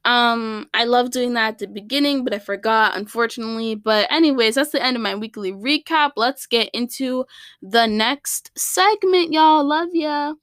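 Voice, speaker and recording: A woman's voice: fairly high pitch, moderate pace, a bit bright, dry recording, clean studio sound. A young woman hosting her own podcast, talking in a rambling, chatty way with lots of fillers and restarts. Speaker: podcast host. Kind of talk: casual solo podcast chat. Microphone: studio microphone.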